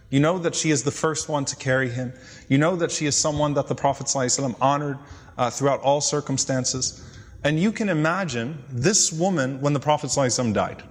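Man telling a sermon in a reverberant hall. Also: on the high side. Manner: retells hadith, quoting Arabic then translating. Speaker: Islamic lecturer. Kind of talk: storytelling sermon.

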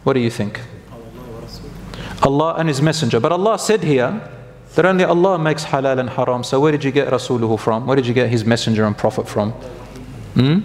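A man with a mid-range voice and a fairly quick delivery gives a conversational religious lecture as an Islamic preacher. He poses questions to the congregation and corrects himself as he speaks. The recording has a long hall reverb.

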